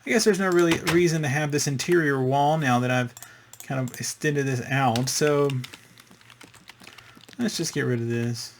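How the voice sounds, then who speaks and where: A gaming channel host with a mid-range male voice talks at normal speed over a noisy background. His casual let's-play commentary rambles along chattily, full of fillers and little sound effects.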